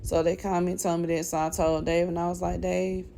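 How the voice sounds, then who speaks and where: A woman tells a personal story in an open, chatty way, often turning to her viewers to check they're following. Her voice sits a little low and has a soft, mellow tone. She speaks with open faith. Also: flat delivery, fast, slight background noise. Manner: candid, chatty, speaks straight to viewers with "y'all" and "okay?"; faith-filled, calls for casting down negative words. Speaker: vlogger sharing a personal testimony. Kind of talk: emotional personal testimony.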